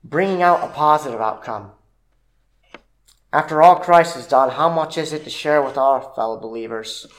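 A man delivers a church sermon in a somewhat high-pitched voice. He stumbles through fillers and restarts as he explains the verses, and reads the scripture in old-fashioned wording. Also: rough recording. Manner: halting, with many fillers and restarts. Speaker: preacher.

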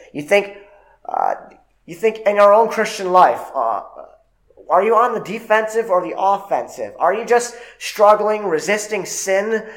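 A man delivers a church sermon in a somewhat high-pitched voice. He stumbles through fillers and restarts as he explains the verses, and reads the scripture in old-fashioned wording. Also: poor audio. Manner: halting, with many fillers and restarts. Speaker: preacher.

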